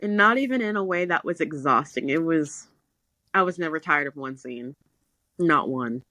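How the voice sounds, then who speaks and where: A woman's voice: low-pitched, moderate pace, dry recording, rough recording. Young woman animatedly recapping a book. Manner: animated storytelling, quotes characters in little voices. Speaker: podcast co-host. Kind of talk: casual chat recapping a book.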